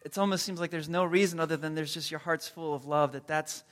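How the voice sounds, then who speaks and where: A man preaching a sermon as pastor, earnest and gentle, with comic asides in other parts. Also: fairly high pitch, fairly even intonation, fast, big-room sound. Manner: comedic storytelling with acted-out quotes.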